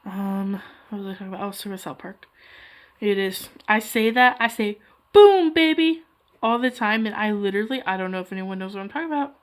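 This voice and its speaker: A woman's voice: medium pitch, brisk, fairly bright tone. A young woman chatting casually while she draws, rambling and self-deprecating. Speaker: hobby artist vlogger. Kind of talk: casual chat while drawing.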